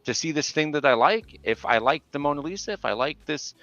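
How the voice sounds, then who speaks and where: A man's voice: on the high side, lively intonation, a little fast, a bit bright, no echo, lo-fi sound. A man in casual conversation on a podcast, talking loosely with lots of fillers, restarts and swearing. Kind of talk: casual chat. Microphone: remote call mic.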